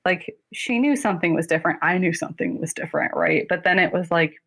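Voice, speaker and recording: Chatty laughing woman, lowish voice. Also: vocal fry, a bit bright. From North Carolina, US. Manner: chatty, quick, laughs often, filler "like". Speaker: guest therapist. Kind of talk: casual interview talk.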